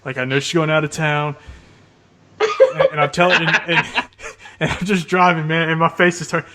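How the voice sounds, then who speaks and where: Animated man telling a story on a podcast. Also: a little high, moderate pace, a little hiss or hum. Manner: animated storyteller, laughing as he talks. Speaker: podcast co-host. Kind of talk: casual podcast chat.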